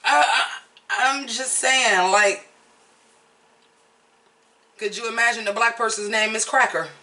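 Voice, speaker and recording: Casual American commentator, blunt and swearing, bright tone, slightly off-mic. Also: medium pitch, steady tone, takes it slowly, recorded from a distance, low-quality recording. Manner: candid, chatty, blunt, swears freely. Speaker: vlogger reviewing a reality show.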